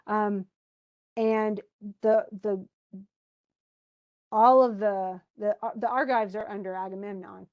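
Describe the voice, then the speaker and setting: An animated woman walks through a book chapter in a casual, conversational way. She speaks at a middle pitch and sounds like a teacher talking to her students. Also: highs cut off.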